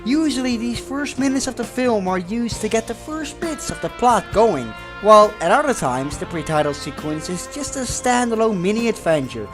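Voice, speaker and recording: Lively Dutch fan narrating over music. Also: male voice, sits high, normal speed, few pauses. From Netherlands. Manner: earnest, enthusiastic fan commentary. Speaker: channel host. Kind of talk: scripted narration.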